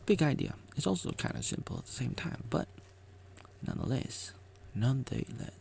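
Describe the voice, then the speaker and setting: A man's voice: medium pitch, very animated, moderate pace, gravelly, darkish tone, a little hiss or hum. A man vlogging a rambling motivational monologue, repeating himself and joking with himself as he talks.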